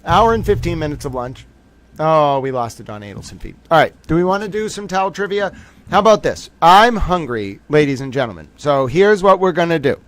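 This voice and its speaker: Here a trial-commentary livestream host talks with his audience, jokey, self-deprecating and meandering. He has a fairly high, sing-song voice and speaks a little fast.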